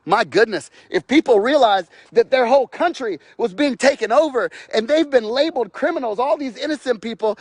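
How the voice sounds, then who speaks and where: A fired-up man with a high, ringing voice preaches outdoors into a close phone mic. He hammers his points with repetition and mocks the voices of others. The sound is dry, with almost no room reflection. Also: expressive, a little fast, hardly any pauses, dry recording. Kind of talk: impassioned outdoor rant.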